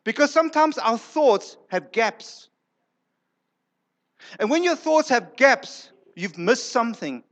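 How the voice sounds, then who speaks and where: A man's voice: very high voice, very animated, slow pace, long pauses, fairly bright tone. A male pastor preaching a sermon in a church, emphatic, repeating words for effect and acting out quoted lines.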